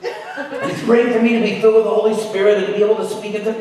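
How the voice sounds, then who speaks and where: A crowd can be heard behind a middle-aged guest speaker whose high voice races along very fast. Captured from far away in an echoey hall, he tells an amusing story with animated energy, acting out each person's voice.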